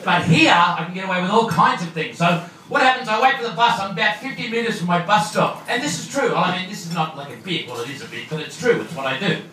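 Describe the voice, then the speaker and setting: A man's voice: high-pitched, expressive, quick pace, bright, forceful tone. An Australian man doing a loose, joking stand-up comedy set on a club stage. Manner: loose, joking, mixes in Japanese. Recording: echoey room from far off, noisy.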